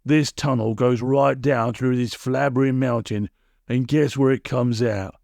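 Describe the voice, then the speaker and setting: Guy doing a gravelly mean old crook, brags, mangles his grammar, dry close sound. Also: mid-range voice, fairly even intonation, measured pace, darkish tone, no room sound. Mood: boastful. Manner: coarse ungrammatical bluster. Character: gruff nasty old man villain, boastful.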